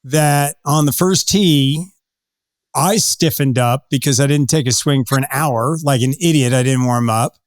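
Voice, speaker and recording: A man's voice: medium pitch, a little slow, no echo, clean studio sound. A man hosting a podcast, chatting with enthusiasm and a playful, teasing manner. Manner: enthusiastic, playful, laughs easily. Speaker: podcast host. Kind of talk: casual interview chat.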